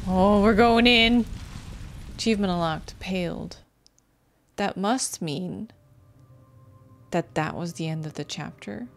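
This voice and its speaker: A young woman streaming a horror game, her voice swinging lively up and down as she reacts. She talks at an unhurried pace, swearing and hyping herself up. Game music sits clearly under her voice, with rain sounds in it. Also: medium pitch. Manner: excitable, swears a lot, cheers herself on. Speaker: gameplay streamer. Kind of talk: let's play commentary.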